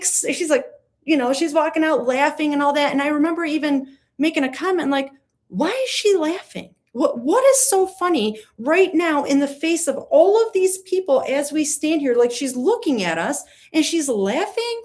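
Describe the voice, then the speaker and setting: A woman from New gives casual true-crime commentary, animated and sarcastic, rambling with many fillers. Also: on the high side. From New York.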